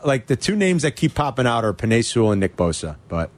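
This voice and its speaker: A man's voice: medium pitch, big pitch swings. A man co-hosting a sports talk radio show, bantering agreeably with callers and his partner. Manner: agreeable, quick back-and-forth.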